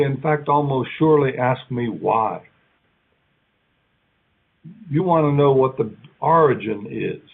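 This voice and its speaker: A man delivers a keynote lecture, talking slowly and conversationally, pausing and restarting as he acts out small quoted exchanges. His voice is husky, at a middling pitch for a man. The recording is narrow and tinny, like a phone line. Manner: conversational, halting, acts out little quoted lines. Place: lecture hall.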